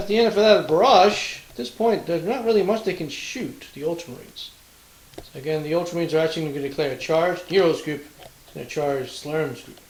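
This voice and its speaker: Guy narrating a tabletop wargame, kinda higher voice, counts dice out loud, teasing and chatty. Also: a little fast, slight background noise, low-quality recording. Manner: chatty, counts dice aloud, playful taunts. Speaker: wargame battle report host. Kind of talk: casual play-by-play of a tabletop game.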